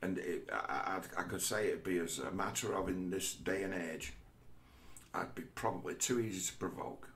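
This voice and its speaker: A man giving a rambling personal monologue, halting and repeating words, with the odd curse. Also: low-pitched, fairly bright tone. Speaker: vlogger.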